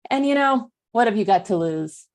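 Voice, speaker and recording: A woman's voice: medium pitch, expressive, normal speed, darkish tone, lightly acted. A woman playing a battered but upbeat female toy doll in an improv comedy sketch on a video call. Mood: chipper.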